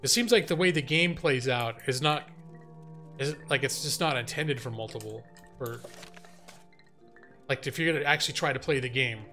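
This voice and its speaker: A man's voice: medium pitch, moderate pace, pauses often, faint music behind. A young man hosting a live game stream, chatting casually, laughing and reading his chat aloud. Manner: animated, laughing, reads chat and jokes aloud.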